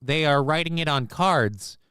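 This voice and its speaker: A man's voice: a little high, animated, unhurried, sharp tone, clean tone, dry recording. A man hosting a casual livestream chat, with crude, mocking, profane banter. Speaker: show host.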